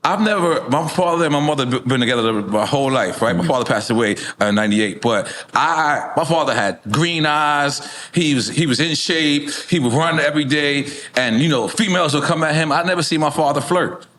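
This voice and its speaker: A middle-aged man hosts a loose conversation, his voice sitting a little high. He rambles, stumbling over repeated words before he finds his point. A faint noise hums beneath him. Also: a little fast, few pauses, fairly bright tone. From Queens, New York. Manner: rambling, stammers and restarts often. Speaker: podcast host. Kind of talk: casual interview chat.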